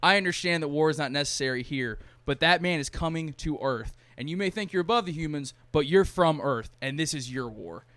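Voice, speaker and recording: A man's voice: on the high side, lively intonation, a little fast, few pauses, fairly bright tone, dry recording. A man quoting a defiant woman warrior in his own voice, firm and earnest.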